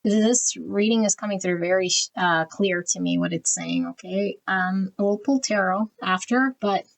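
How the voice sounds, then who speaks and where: A woman giving a pick-a-card tarot reading, talking quietly and evenly and reading card meanings as lists of words. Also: unhurried, vocal fry, poor audio. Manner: quiet, even and low-key, trying not to be loud early in the morning. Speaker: tarot reader.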